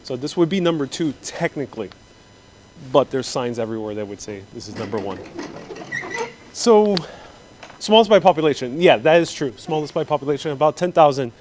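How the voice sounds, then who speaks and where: A man's voice: mid-range voice, lively intonation, fairly quick, noisy background. A man hosting a live walking-tour vlog on city streets, chatty and joking as he talks straight to his viewers. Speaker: travel vlogger host.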